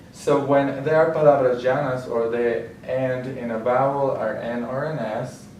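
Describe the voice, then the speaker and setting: A male Spanish teacher giving a slow, explanatory lecture with frequent restarts. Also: medium pitch, a little mellow, slight background noise. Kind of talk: classroom-style lecture. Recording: roomy and distant with faint ambience.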